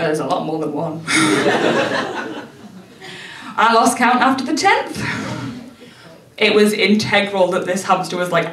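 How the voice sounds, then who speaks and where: A woman's voice: fairly low pitch, a bit bright. A woman telling a self-mocking stand-up story, laughing through her lines. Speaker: stand-up comedian, PhD student. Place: stage at a comedy night before a live audience. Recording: roomy venue, distant mic, audience laughter.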